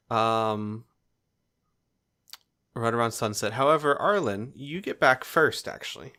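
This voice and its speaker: A man's voice: medium pitch, sing-song, slow, long pauses, pushed and bright, clear, resonant tone. A man running a tabletop game as game master, narrating casually with many fillers and laughs.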